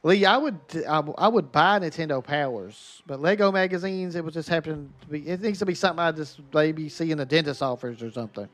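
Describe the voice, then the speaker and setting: A man's voice: on the high side, brisk, hardly any pauses, fairly bright tone. A man casually commenting on a game during a live stream and chatting with his viewers by name.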